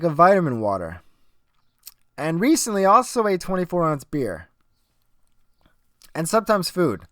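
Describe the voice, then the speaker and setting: A man's voice: on the high side, a bit bright, no room sound, clean studio sound. A young man hosting a solo podcast, rambling and swearing, arguing with himself. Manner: profane, rambling, self-arguing. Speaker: podcast host.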